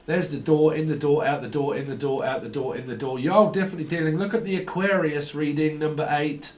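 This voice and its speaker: A man with a voice pitched a little high gives a loose, free-association tarot reading. He jumps from pun to pun and drifts into bits of songs and goofy voices as he goes. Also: steady tone, fairly quick, darkish tone. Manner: playful, punning, breaks into snatches of song and silly voices. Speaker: tarot reader.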